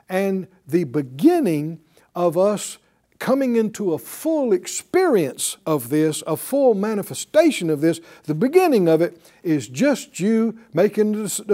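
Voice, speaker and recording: Older man preaching, call-and-response, high voice, lively intonation, storytelling. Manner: storytelling, acting out both sides of a conversation. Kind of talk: sermon.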